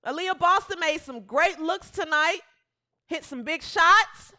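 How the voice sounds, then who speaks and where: Over game highlights, a woman hosting a comedic women's basketball show speaks at a measured pace in a bright, forceful tone. She often laughs, exclaims, and echoes her own lines to drive them home.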